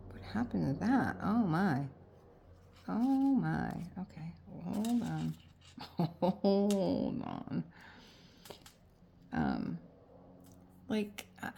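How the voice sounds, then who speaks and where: A woman's voice: lowish voice, vocal fry, dark tone, a little hiss or hum. A middle-aged woman vlogging as she crafts, rambling and indecisive as she talks herself into her choices. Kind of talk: casual thinking aloud while crafting.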